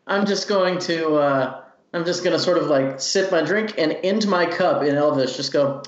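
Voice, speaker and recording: A man's voice: fairly high pitch, moderate pace, few pauses. A man playing a tabletop game in a joking, laughing way. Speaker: player. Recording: dull echoey room sound.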